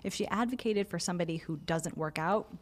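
A woman's voice: on the low side, fast. Frank, chatty woman co-host. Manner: frank, chatty, breaks into laughter. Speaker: advice podcast co-host. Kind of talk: casual advice chat.

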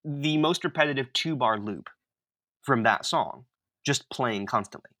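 Lively, bright-voiced man telling comic stories. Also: medium pitch, measured pace. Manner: animated, self-mocking storyteller. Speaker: podcast co-host. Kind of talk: comic storytelling chat.

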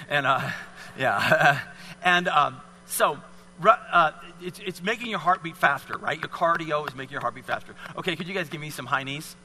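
A man's voice: fairly high pitch, pushed and bright, big-room sound. A man leading a live fitness demonstration for an audience, coaching volunteers with encouraging, repeated cues. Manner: encouraging, coaxing, repetitive cues.

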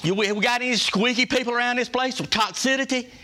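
A man rallies his staff like a preacher, circling back to the same phrases and firing questions at the room. His voice sits high for a man and rings bright and forceful. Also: quick pace. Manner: folksy, emphatic, repeats phrases and asks the room questions. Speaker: workplace leader giving a culture talk. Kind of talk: preacher-like motivational talk to staff.

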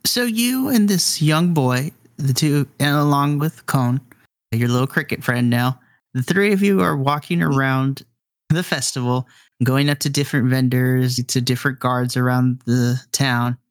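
A man's voice: medium pitch, unhurried, no room sound, clean studio sound. A man narrating a tabletop role-playing game as game master, describing scenes and explaining the setting.

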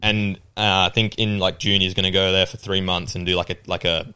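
A man's voice: low-pitched, flat delivery, a little fast, bright, forceful tone, clear, resonant tone. A young man chatting casually on a podcast, rambling with lots of fillers and restarts.

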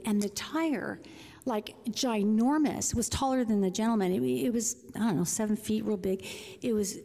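Woman, high voice, chatty storytelling devotional talk, long hall reverb. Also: warm tone. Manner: chatty storytelling, frequent restarts. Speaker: speaker. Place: large room before an audience.

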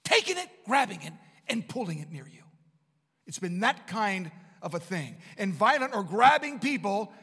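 A man preaching a sermon to students at a Bible college. He is impassioned and swings between hushed lines and emphatic ones. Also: sits high, sing-song, normal speed, husky. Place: large room at a Bible college. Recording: long hall reverb.

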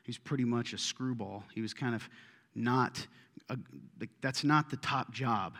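A man's voice: mid-range voice, unhurried, a bit bright, long reverb tail. A middle-aged man preaching a sermon in a church, joking and chatty at first, then building to emphatic preaching. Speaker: pastor. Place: church sanctuary.

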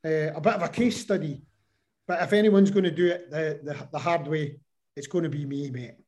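A man as an interview guest, telling a personal story in an animated way and acting out the voices he quotes. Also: fairly high pitch, moderate pace.

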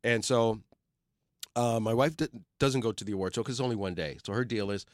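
A middle-aged man from Detroit who hosts a film show, telling animated stories in casual chat and acting out the people he quotes. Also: fairly low pitch, brisk, no room sound, studio quality. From Detroit, USA. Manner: animated storyteller who acts out quoted voices.

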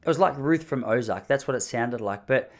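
A man's voice: mid-range voice, fairly quick. A man in his thirties telling a story casually and with animation. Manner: animated, mimics the people in his stories. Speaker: vlogger.

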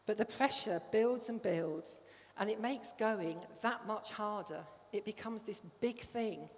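A woman's voice: mid-range voice, measured pace. Woman preaching in a reverberant hall. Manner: conversational, checks in with the congregation. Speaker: church speaker. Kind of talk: sermon.

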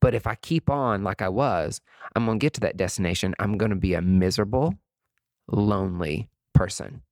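A man in his late thirties hosting a podcast, talking in an expressive, emotional and chatty way, full of fillers and asides. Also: lowish voice, moderate pace, no room sound, clean studio sound. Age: late 30s. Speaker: podcast host. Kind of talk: reflective solo podcast monologue.

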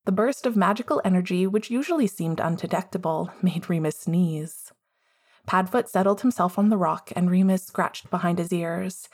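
A woman reading a fan story aloud in a calm, measured way. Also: lowish voice, slightly rough. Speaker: audiobook reader. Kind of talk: storybook narration.

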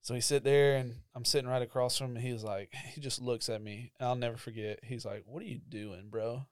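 A man's voice: medium pitch, level tone, quick pace, clean tone, dry recording, clean studio sound. Young man telling his story. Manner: conversational storytelling with frequent fillers, emotional. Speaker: church ministry staff member. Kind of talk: casual personal testimony.

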